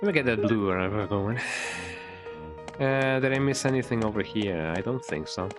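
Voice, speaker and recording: Game music underscores a Mexican streamer whose voice sits on the low side yet stays animated at a moderate pace. He keeps the play-by-play casual and playful, singing repeated words in a goofy lilt and ending many lines with "eh?".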